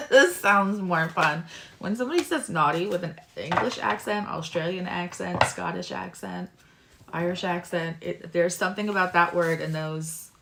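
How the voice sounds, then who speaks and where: A woman with a fairly low, gravelly, sharp voice hosts a live-stream tarot reading, with a little hiss or hum in the recording. Chatty and rambling, she talks loosely with her chat viewers and explains the cards.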